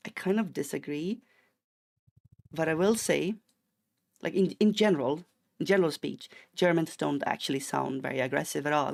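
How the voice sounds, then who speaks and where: Gravelly rambling Swedish streamer guy. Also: on the high side. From Sweden. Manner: rambling, chatty, restarts sentences, drifts into tangents. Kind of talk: casual live-stream chat while gaming.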